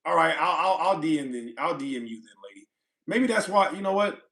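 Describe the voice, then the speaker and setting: A man's voice: fairly high pitch, expressive, brisk, sharp tone. A man from California hosting a livestream, chatting casually and reading viewer comments aloud, rambling and repeating himself with frequent laughs. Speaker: livestream host.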